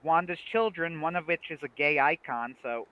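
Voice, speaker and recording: A young man casually chatting on a livestream about a TV series, animated, laughing often and restarting his sentences. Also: on the high side, moderate pace, dry recording, highs cut off. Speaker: livestream co-host.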